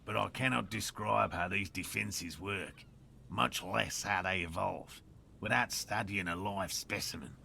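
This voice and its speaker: An actor playing a dry, sarcastic, learned middle-aged cryptozoologist in a video game. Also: male voice, deep voice, a little slow, gravelly, pushed and bright, a little hiss or hum, heavily acted. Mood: wry. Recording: game audio with music behind.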